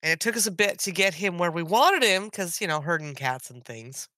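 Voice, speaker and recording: A woman in her thirties co-hosting a casual gaming podcast, hoarse from being sick and talking in an animated way, laughing and wandering off topic. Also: on the low side, fairly quick, no echo. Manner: animated, laughs often, jumps between topics. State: hoarse from illness. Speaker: podcast co-host. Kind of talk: casual chat.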